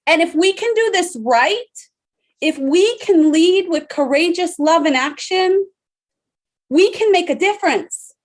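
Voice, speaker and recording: A woman in her thirties giving an emphatic motivational leadership talk to an online audience, with dramatic pauses. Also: extremely high pitch. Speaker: leadership speaker.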